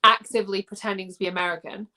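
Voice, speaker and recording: A woman's voice: mid-range voice, fairly even intonation, racing, bright, forceful tone. A young woman with an English accent chats casually about her music. She meanders, restarts her sentences and leans on fillers as she works things out. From England. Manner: chatty, rambling with many fillers and restarts. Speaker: singer. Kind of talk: casual video chat.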